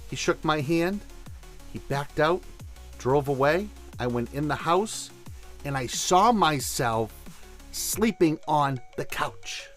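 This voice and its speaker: Male host, enthusiastic conversational storyteller, slightly raised pitch, faint music underneath. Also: expressive, slow. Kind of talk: casual storytelling and instruction.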